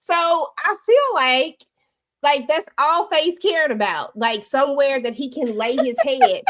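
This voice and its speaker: A woman's voice: high voice, normal speed. A woman chats through a TV episode recap. Her talk is candid and rambling, full of slang and asides. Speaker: show recap host. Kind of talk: casual TV recap chat.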